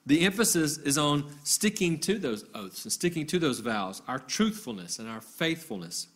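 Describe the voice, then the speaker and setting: A male preacher giving a sermon, teaching in a measured way, reading scripture passages aloud and sometimes pausing to restart a phrase. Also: fairly high pitch, sing-song, fairly bright tone. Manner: occasional hesitant restarts.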